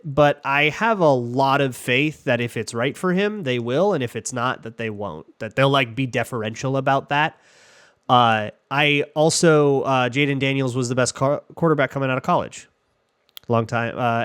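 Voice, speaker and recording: With a clean tone and mid-range voice, a man answers listener questions on a football talk show. It's casual chat, chatty and jokey, peppered with fillers and restarts.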